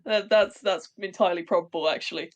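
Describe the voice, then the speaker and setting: A podcast co-host in casual chat who laughs a lot, swears freely and reacts loudly to jokes. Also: medium pitch, steady tone, fast, slight background noise.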